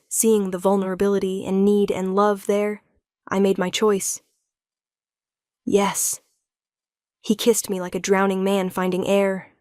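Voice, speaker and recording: A woman giving a scripted first-person narration of a romance story in a steady, even way. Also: mid-range voice, clean tone, dry recording, studio quality.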